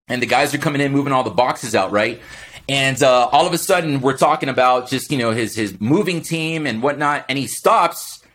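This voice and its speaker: A man with a husky, slightly breathy voice that sits a little higher than most men's. He talks in an energetic, motivational way as a podcast guest, and he keeps checking in with his listeners with a quick "right?". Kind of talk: motivational casual chat.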